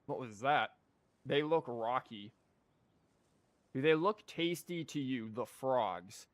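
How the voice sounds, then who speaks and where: A man's voice: medium pitch, animated, takes it slowly, dry recording. A young man streaming a game, rambling and joking with frequent stammers. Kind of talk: casual gameplay commentary.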